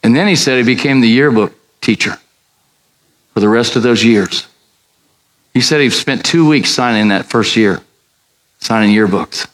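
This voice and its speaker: An older male pastor preaching in a mid-range voice, drifting into an anecdote. He acts out every exchange, leaping up in pitch for the quoted lines and dropping back to an easy conversational tone. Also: moderate pace, pauses often, poor audio. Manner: animated, acts out dialogue with big pitch jumps. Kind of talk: sermon storytelling.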